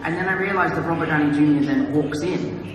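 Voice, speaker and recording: A young man in a press interview, eagerly recounting a story with excitement. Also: fairly high pitch, fast talker, background noise. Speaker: actor. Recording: echoey hall from far off, with music.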